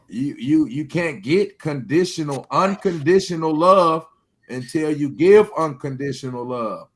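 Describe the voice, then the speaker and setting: A man talking in a loose group chat, emphatic and profane, who keeps checking in with "you hear me?". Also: a little high.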